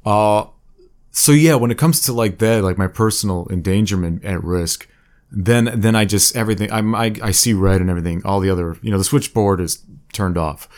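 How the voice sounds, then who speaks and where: Low-voiced man in rambling casual chat. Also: fairly quick, darkish tone. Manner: rambling, self-deprecating, with many restarts.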